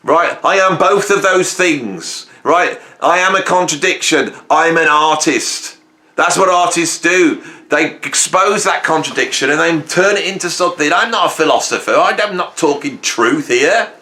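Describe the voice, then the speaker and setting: Ranting man, bright and echoey. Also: on the high side, unhurried. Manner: angry, emphatic ranting with rhetorical "right?". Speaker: YouTuber. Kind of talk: ranting monologue.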